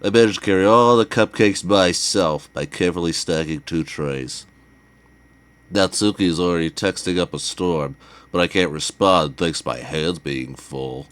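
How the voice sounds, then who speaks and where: A man's voice: low-pitched, normal speed, smooth, close to an everyday voice. A man reading a teenage boy's inner narration from a game in an easygoing, plain voice. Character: ordinary teenage boy narrating his day.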